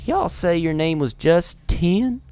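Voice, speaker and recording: A woman's voice: lowish voice, expressive, takes it slowly, dark tone, voice pushed up. A man voicing a huge, blunt female fighter in a game, with a put-on Southern drawl, saying "y'all" and "folks.". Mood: wary. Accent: American Southern (put on).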